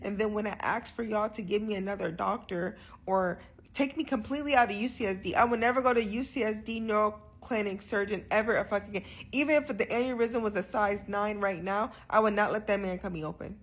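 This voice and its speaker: A woman's voice: medium pitch, a little fast. A young woman talking candidly to her viewers in a vlog, earnest and frustrated, often restarting her sentences. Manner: frequent restarts and repeated words. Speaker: vlogger sharing her health journey. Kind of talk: candid direct-to-camera vlog.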